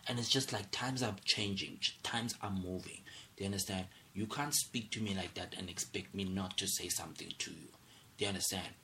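A man's voice: low voice, creaky, pushed and bright, slight background noise. A young man hosting a solo podcast, angry and agitated, asking "do you understand" over and over. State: angry, irate. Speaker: podcast host.

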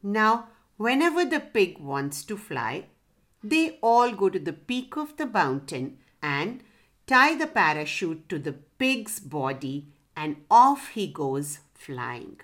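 A woman narrating a children's story in a gentle, expressive storybook style. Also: mid-range voice, slow.

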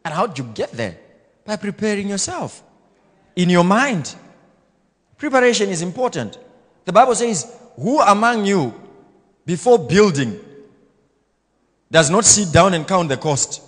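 A man pastor preaching a blunt, self-assured sermon, swinging between loud exhortation and quiet asides. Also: high-pitched, big pitch swings, measured pace, long pauses, big-room sound. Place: church hall.

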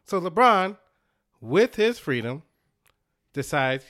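High, bright-voiced man ranting. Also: moderate pace. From Dallas, Texas. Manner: animated, emphatic ranting with laughter. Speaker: podcast co-host. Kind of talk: ranting casual chat.

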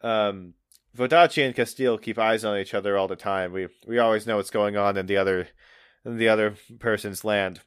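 A man's voice: on the low side, steady tone, a little fast, clear, resonant tone, no echo, clean studio sound, natural voice. A man voicing a worldly, church-minded sailor man who teases knowingly. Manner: knowing, teasing.

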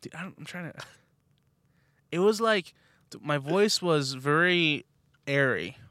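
A young man co-hosting a podcast, animated and laughing often as he tells a story. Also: on the high side, unhurried, no room sound, clean studio sound. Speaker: podcast co-host. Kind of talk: casual chat.

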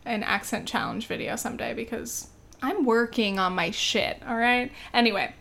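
This American film vlogger chats on camera in a relaxed way, peppering her talk with "um" and "like" and sometimes getting worked up. She speaks at a moderate pace in a high-ish, gravelly, fairly bright voice.

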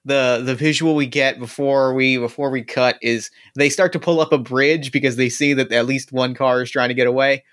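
A man playing in a tabletop role-playing game, describing his moves in a relaxed, riffing way. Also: mid-range voice, normal speed, few pauses. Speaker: player. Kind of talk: casual tabletop play.

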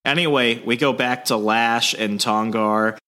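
A man's voice: medium pitch, steady tone, unhurried, bright, forceful tone. A man hosting a podcast, casually recapping a comic in a loose, swearing style. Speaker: podcast host.

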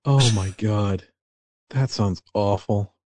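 A man with a low, mellow voice co-hosts a casual wrestling podcast. He is blunt, swears freely and laughs a lot. The sound is dry and close. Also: takes it slowly, dry recording. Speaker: podcast co-host.

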